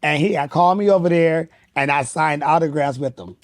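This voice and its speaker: Male drag performer guest, lively storyteller, slightly high voice, dry booth. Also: a little fast, dry recording. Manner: animated, acts out quotes in raised voice. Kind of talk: casual interview storytelling.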